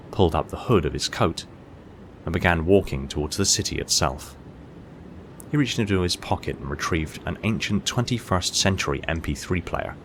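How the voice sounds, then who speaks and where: A man narrating an audiobook short story in a steady, measured storytelling manner. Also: very deep voice.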